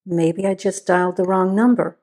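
A woman voicing an injured, suspicious husband in a storybook reading, speaking slowly and broodingly. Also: lowish voice, fairly even intonation, mellow, close to an everyday voice. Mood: tense. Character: injured middle-aged husband, angry and suspicious.

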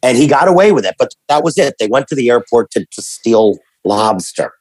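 A man telling family stories in casual conversation, animated and rambling, with many restarts and fillers. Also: mid-range voice, a little fast, husky, no room sound, poor audio.

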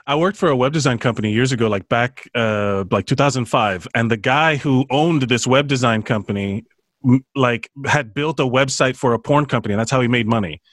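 A man hosting casual chat, rambling with halting restarts. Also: mid-range voice, fairly bright tone, no room sound.

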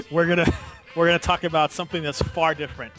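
A man hosting a podcast in casual discussion, animated and laughing often as he retells a story. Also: a little high, quick pace, soft background music. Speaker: podcast host.

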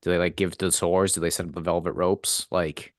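A man's voice: low-pitched, flat delivery, a little fast, no echo, clean studio sound. A man co-hosting a podcast in casual chat, blunt and dismissive, swearing often. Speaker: podcast co-host.

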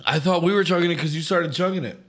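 A man's voice: a little high, quick pace, a bit bright. A man co-hosting a podcast, chatting in loose, profane, joking banter. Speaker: podcast co-host. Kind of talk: casual chat.

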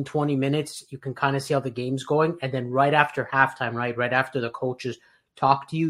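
A man hosts a casual football podcast, giving strong opinions with animated energy. He often restarts his sentences mid-thought. His voice sits in an ordinary middle range. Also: medium pitch. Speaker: podcast host.

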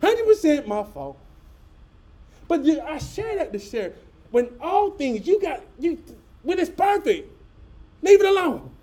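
A middle-aged man, a pastor telling a folksy story to his congregation with lively asides. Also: very high-pitched, a little slow, long pauses. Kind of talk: storytelling sermon.

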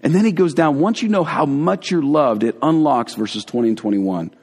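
A man giving a conversational, earnest sermon as a pastor, dropping to hushed tones for emphasis. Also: fairly low pitch. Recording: long hall reverb.

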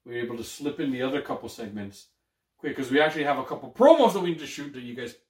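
Man, podcast co-host, casual banter, swearing, animated pitch, roomy off-mic sound. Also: fast, far from the mic. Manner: joking, swearing, laughing often.

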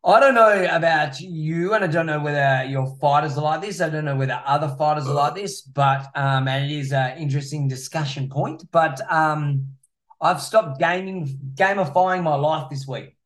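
A man's voice: fairly high pitch, normal speed, a bit bright. A man hosting a podcast and running a gym, rambling in casual chat with plenty of swearing and fillers. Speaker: podcast host, gym owner.

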